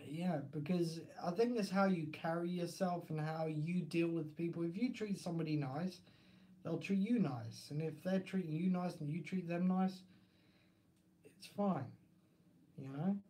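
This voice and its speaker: A man's voice: a little high, unhurried, dark tone. A man with an Essex accent chatting casually and rambling on a live stream, laughing often.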